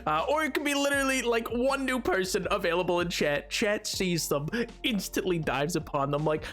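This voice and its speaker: A man streaming a game live, chatting with his viewers in an excitable, playful, self-mocking way. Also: sits high, normal speed, faint music behind.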